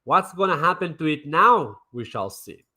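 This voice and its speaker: Man, crypto streamer, brash and mocking, fairly high voice, repeats himself a lot. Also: big pitch swings, normal speed, bright, forceful tone. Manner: brash, mocking, swears, lots of repetition. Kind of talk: casual livestream commentary.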